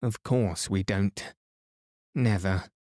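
A man's voice: deep voice, takes it slowly, dark tone, dry recording, clean studio sound. A man voicing a bold boy who leads a castle defence, talking fiercely, in a bedtime storybook reading. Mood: defiant. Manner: fierce, bellowing.

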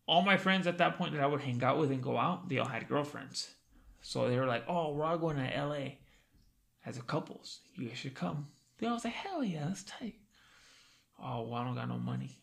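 A young man hosts a casual podcast, telling stories packed with swearing and a "dude" every few words. His voice is on the high side, gravelly and a bit bright.

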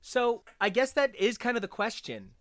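A woman co-hosting a casual comic book podcast, excitable, swearing freely and using lots of likes. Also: fairly high pitch, normal speed, dry recording, clean studio sound. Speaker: podcast co-host.

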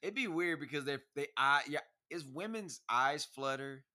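A young man chatting as a podcast co-host, bright and forceful in tone. He talks in slang, animated, and slips into little acted-out quotes while he tells his stories. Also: a little high, moderate pace. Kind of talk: casual chat.

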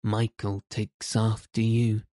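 A man's voice: lowish voice, monotone, slow, warm tone, dry recording, studio quality. Peter Pan, a man reading as an anxious boy. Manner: boyish and uneasy.

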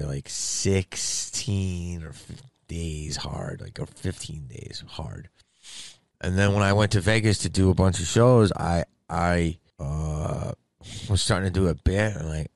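Very deep-voiced, rambling, foul-mouthed comedian. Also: male voice, no echo. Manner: rambling and heavily profane. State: sick with covid. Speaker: stand-up comedian. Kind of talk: casual storytelling monologue.

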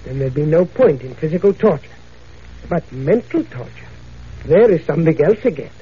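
Brief: a smug, mocking radio villain, high voice, dull old recording with faint hiss. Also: male voice, expressive, moderate pace. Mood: gloating. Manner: smooth, mocking, self-satisfied. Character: cunning, gloating male villain, the Vulture. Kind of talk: 1940s radio acting.

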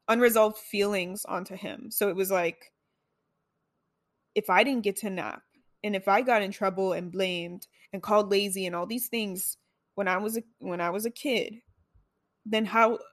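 A woman's voice: medium pitch, no echo, clean studio sound. A young woman talking casually about self-reflection, full of "like" and "right?", with some swearing. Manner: chatty, lots of "like" and "right?". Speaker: self-help speaker. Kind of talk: casual monologue.

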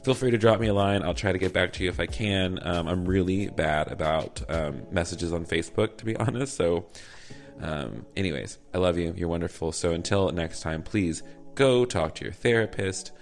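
Deep-voiced Southern man hosting a podcast. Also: moderate pace, soft background music. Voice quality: playful, campy, chatty. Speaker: podcast host. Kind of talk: casual podcast chat.

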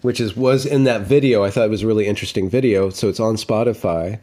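A man's voice: lowish voice, fast, darkish tone. A man chatting casually at a kitchen table, playful and joking, often trailing off and restarting. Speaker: guest. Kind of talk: casual livestream chat.

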